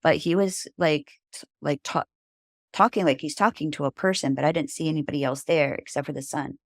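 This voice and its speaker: Female guest, low register, casual rambling storyteller, dry close sound. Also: fairly even intonation, fairly quick, no room sound. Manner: rambling, filled with "like" and "you know". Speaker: podcast guest.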